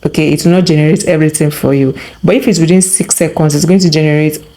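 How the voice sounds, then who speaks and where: Low-voiced woman teaching a tutorial. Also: fairly even intonation, quick pace, dark tone. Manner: instructive, tags remarks with "okay?". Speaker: tutorial host. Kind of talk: screen-recorded software tutorial.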